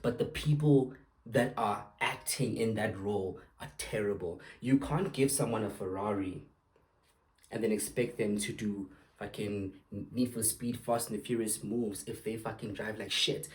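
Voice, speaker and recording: On his own podcast, a young man with a fairly low voice vents angrily about football officiating. He talks at a normal speed, with plenty of swearing and sarcastic outbursts.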